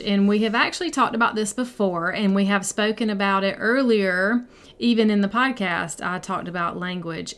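A woman's voice: medium pitch, fairly bright tone, smooth. A middle-aged woman, a mindset coach, teaching a group in a casual, conversational and encouraging way, speaking directly to her listeners. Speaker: mindset coach and podcast host.

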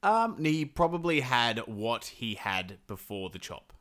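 A man's voice: medium pitch, unhurried. A man casually retelling a folk tale on a podcast, acting out the characters' lines. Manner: animated storytelling, acts out characters' lines. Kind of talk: casual chat.

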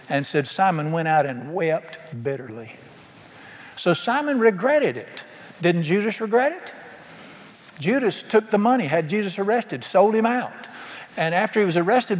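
A man preaching a sermon emphatically, asking his congregation questions. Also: sits high. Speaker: pastor. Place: church sanctuary. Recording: long hall reverb.

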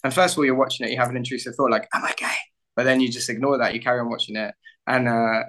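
Comedian guest, bright edge to his voice, self-mocking and animated. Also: mid-range voice, racing. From suburbs of London, England. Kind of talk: casual interview with told jokes.

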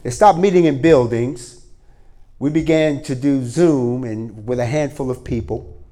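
A man preaching a sermon to a congregation in a church, moving from quiet prayer to energetic storytelling. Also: medium pitch, measured pace. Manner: starts with hushed prayer, then lively storytelling with voiced characters. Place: church hall before a congregation.

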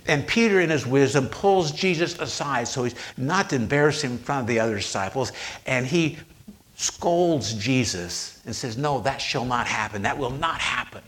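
A man preaching a sermon, retelling scripture with slow, emphatic pauses on quoted lines. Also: mid-range voice, lively intonation, a bit bright.

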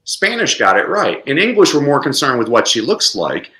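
An expressive man talking as an interview guest. His voice swoops widely up and down, with a bright edge. The room around him rings with echo. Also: normal speed. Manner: lively, expressive, sweeps into high pitch for emphasis. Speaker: podcast guest, educator. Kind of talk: animated interview talk.

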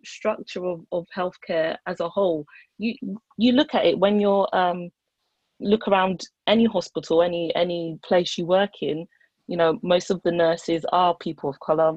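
A woman's voice: on the low side, darkish tone, no echo. A young woman, a doctor, speaking earnestly and telling a story in a casual discussion. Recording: dull, dry recording.

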